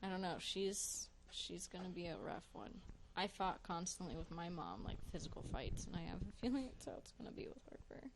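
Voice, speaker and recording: A woman's voice: fairly low pitch, lively intonation, a little fast. A woman chatting bluntly about fighting with her young daughter, laughing often. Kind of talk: casual chat. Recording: noisy background.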